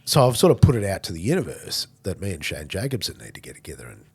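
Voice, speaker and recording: An Australian man hosting a podcast, telling stories in a blokey, joking and animated way. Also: low-pitched, quick pace, husky. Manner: animated storyteller, blokey and jokey. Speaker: podcast host. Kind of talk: casual podcast chat.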